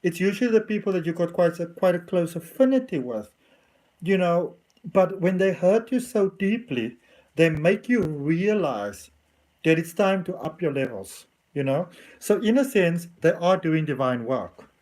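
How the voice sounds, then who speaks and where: Effusive high-voiced male tarot reader. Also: lively intonation, a little slow, a little mellow. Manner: effusive and affectionate, chatty with many "you know"s. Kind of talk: casual tarot reading to camera.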